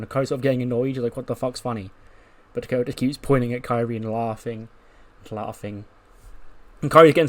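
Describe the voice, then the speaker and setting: A young man casually narrating a game playthrough in a rambling, offhand way, swearing now and then. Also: mid-range voice. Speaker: let's-play narrator.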